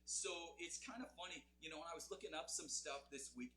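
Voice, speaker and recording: A man's voice: a little high, brisk, pushed and bright, reverberant, slight background noise. A man from Canada hosting a live music show, chatting casually and rambling with many ums. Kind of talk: casual live-stream chat.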